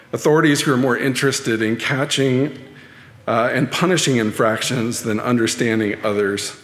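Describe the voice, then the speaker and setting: A man delivers a sermon-style talk in a measured, dryly self-deprecating way. His voice sits at a middling pitch and rings out through a large, echoey church hall with a long reverb tail. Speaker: lay speaker at church.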